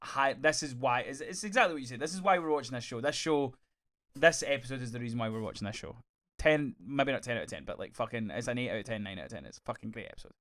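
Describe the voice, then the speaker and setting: A man co-hosting a podcast, chatting in a gushing, sweary, animated way. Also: mid-range voice, quick pace. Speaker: podcast co-host. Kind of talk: casual review chat.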